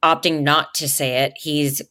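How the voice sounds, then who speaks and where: A woman's voice: low voice, little pitch movement, a little slow, bright, forceful tone. A woman co-hosting a podcast in casual chat, thinking aloud and asking long questions. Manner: thoughtful, asks long questions. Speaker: podcast co-host.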